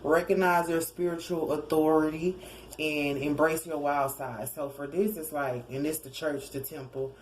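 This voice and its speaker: A woman's voice: low voice, fairly even intonation, moderate pace, a little hiss or hum, low-quality recording. A woman giving a casual tarot reading, rambling and correcting herself as she goes, with little chuckling asides. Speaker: tarot card reader.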